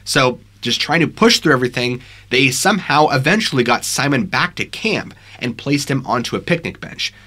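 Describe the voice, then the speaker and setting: A man's voice: medium pitch, lively intonation, moderate pace, few pauses, sharp tone. A man narrating scary true stories in a dramatic, suspenseful storytelling manner on a studio microphone.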